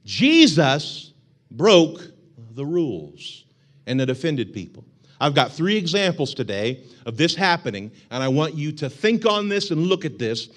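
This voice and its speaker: A man preaches to his congregation with an easy, joking manner. He is a young adult pastor whose voice sits slightly high. He laughs along with his own stories and throws in mock shouts. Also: very animated, a little slow. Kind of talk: sermon. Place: church sanctuary.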